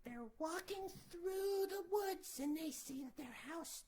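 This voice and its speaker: A woman's voice: very high-pitched, expressive, a little slow, few pauses. A woman telling a children's story comically, rambling with sarcastic asides.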